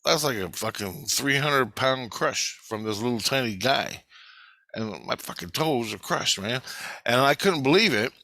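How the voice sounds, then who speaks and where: A man casually retelling a dream in a rambling, profane, animated way. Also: mid-range voice, a little slow, dry recording.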